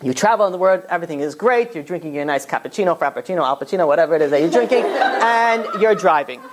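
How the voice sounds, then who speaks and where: A rabbi giving a Torah class, telling stories in an animated, casual way full of fillers. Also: male voice, on the high side, fast, a little hiss or hum. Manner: animated storytelling, casual filler-heavy talk. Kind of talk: Torah class lecture with storytelling.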